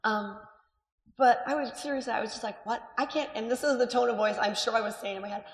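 Woman preacher, thirties, fairly high voice, chatty and animated, long hall reverb. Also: fast talker. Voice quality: voice strained. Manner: chatty and animated, frequent asides and laughter. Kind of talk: sermon. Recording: echoey hall.

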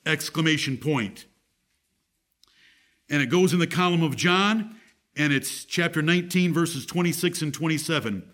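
A man's voice: a little high, moderate pace, fairly bright tone. A man preaching a sermon as pastor, reading scripture aloud with strong emphasis.

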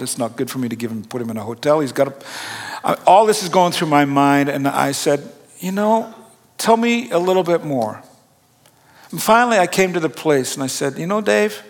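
A middle-aged man preaching a sermon, telling a personal story in a conversational, self-deprecating way. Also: medium pitch. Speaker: pastor. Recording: long hall reverb.

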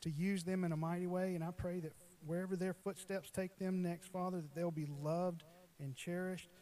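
Mellow, monotone man leading prayer. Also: high-pitched, moderate pace. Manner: fervent, repetitive prayer phrasing. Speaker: worship team member. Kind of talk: spoken prayer.

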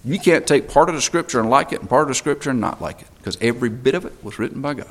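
A man's voice: medium pitch, rapid-fire. A man preaching a sermon as pastor, emphatic, repeating phrases for stress.

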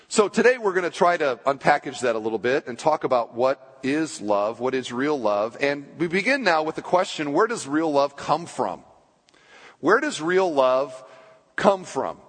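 A man preaching from the pulpit, his somewhat high voice pressing hard and then slowing deliberately on the words he wants to land. Long reverb trails off each phrase in the church hall. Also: fairly bright tone. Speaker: pastor. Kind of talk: sermon.

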